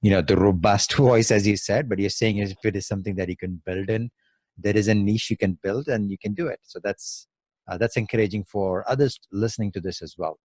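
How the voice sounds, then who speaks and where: A man's voice: fairly low pitch, brisk, darkish tone, no echo. A man hosting a podcast interview, enthusiastic and stumbling over restarts as he asks questions. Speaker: podcast host. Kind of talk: interview conversation.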